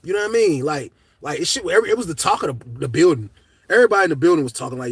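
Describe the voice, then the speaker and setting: Animated man telling a comedic story. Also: a little high, rapid-fire, husky, no room sound. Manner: animated, slangy, swings between loud and hushed.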